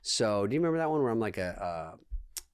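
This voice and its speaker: Male podcast guest, low-ish pitch, deadpan storyteller, dead-dry studio sound. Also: fairly quick, clear, resonant tone, no room sound. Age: 20s. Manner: dry, deadpan anecdotes with quoted dialogue. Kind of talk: casual storytelling chat.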